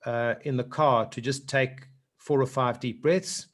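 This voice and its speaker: A man's voice: medium pitch, steady tone, measured pace. A South African man talking to a speakers' group as a public speaking trainer. He wanders into anecdotes and keeps restarting his sentences. His voice sits in a middling range. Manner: rambling and anecdotal, with many restarts.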